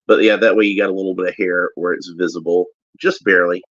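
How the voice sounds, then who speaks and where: A man giving casual, halting unboxing commentary as a toy reviewer, often restarting as he handles a figure. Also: deep voice, steady tone, fairly bright tone, dry recording. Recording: dull lo-fi recording.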